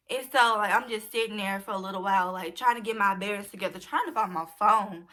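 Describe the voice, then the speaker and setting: Bright chatty young woman vlogger. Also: medium pitch, a little fast, few pauses. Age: young adult. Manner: chatty, addresses viewers directly as y'all. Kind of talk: casual storytime.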